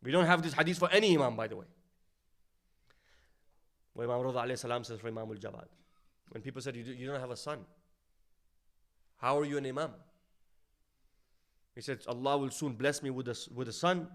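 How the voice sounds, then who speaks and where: A man's voice: brisk, long pauses. Man preaching a storytelling sermon. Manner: storytelling, drops to a low hushed voice for sad quotes; rises louder when stressing points. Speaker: speaker at an Islamic centre.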